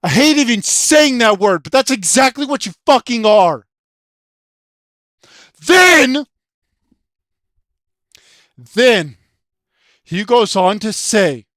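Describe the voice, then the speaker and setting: A video game commentator in an angry, profane rant, yelling often, with a throat sore from shouting. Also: medium pitch, big pitch swings, slow, pauses often, no echo, studio quality.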